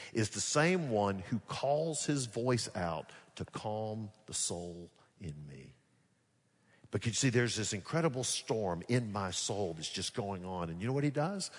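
A man preaching a sermon as pastor, moving from hushed, soft passages to loud, animated bursts where he acts out scenes. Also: lowish voice, breathy edge. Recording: long hall reverb.

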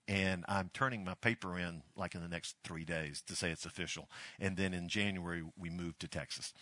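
A man's voice: sits low, bright, forceful tone, no echo. An older man from Alabama, a pastor giving a folksy, storytelling sermon.

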